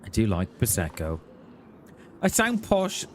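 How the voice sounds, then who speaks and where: Slow-talking man streaming a game. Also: fairly low pitch, huge pitch swings, slight background noise. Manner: rambling, chatty, quick to laugh at himself. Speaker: gaming streamer. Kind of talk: casual live-stream chat while gaming.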